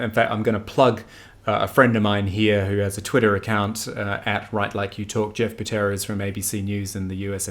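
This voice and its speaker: A man in his forties, a news anchor, talking in an interview in an animated, emphatic way, often correcting himself mid-sentence. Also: fairly low pitch. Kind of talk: conversational interview.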